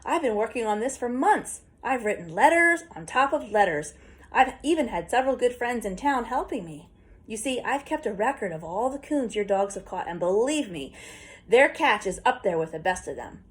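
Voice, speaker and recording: A woman reading an audiobook, voicing an eager, kindly old country grandfather who is quick to get excited. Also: on the high side. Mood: serious. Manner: eager, hearty, rising with excitement. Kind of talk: audiobook character voice.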